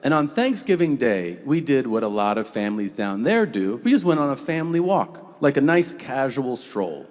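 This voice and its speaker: A man in his forties doing a stand-up comedy set, telling stories in an exasperated, animated way with sudden yelps. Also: medium pitch, moderate pace, hardly any pauses. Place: large comedy venue stage. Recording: live hall reverb with crowd. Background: audience laughter.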